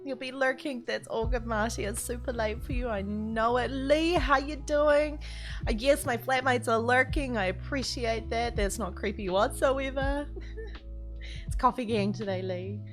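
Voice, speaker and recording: A woman live-streaming from home, chatting warmly and casually with her viewers, greeting them by name and laughing often. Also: on the high side, a little slow, faint music behind.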